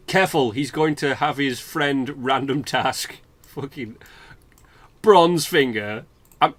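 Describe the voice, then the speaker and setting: Rambling, swearing British gamer. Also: male voice, mid-range voice, fairly bright tone. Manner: rambling, chatty, swears freely. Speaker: let's play host. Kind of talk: casual gameplay commentary.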